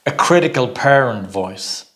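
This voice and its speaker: A man's voice: medium pitch, animated, measured pace, a bit bright. A middle-aged man giving an informal personal growth talk, chatty, laughing often and repeating words as he searches for them.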